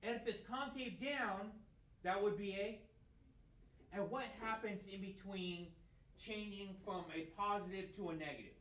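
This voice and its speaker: A man teaching a math lesson in a slightly higher voice, recorded in an echoey classroom. He lectures conversationally and keeps asking questions that he answers himself. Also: a little slow, fairly bright tone. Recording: echoey room.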